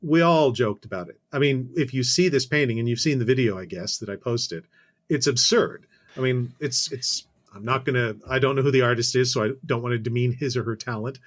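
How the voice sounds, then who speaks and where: A man's voice: mid-range voice, brisk. A Canadian man, a podcast guest, telling a casual story full of self-corrections and dry asides.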